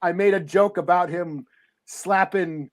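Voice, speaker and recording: A man's voice: high-pitched, unhurried. A man co-hosting a comic book podcast, telling stories in a laid-back way and laughing often. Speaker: podcast co-host. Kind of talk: casual chat.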